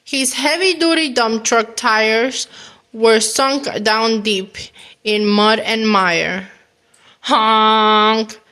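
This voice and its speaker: A woman reads a children's picture book aloud at a very slow, careful pace. Her voice sits a little high, and she reads gently and with animation, acting out the animal sounds for young listeners. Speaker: children's storyteller.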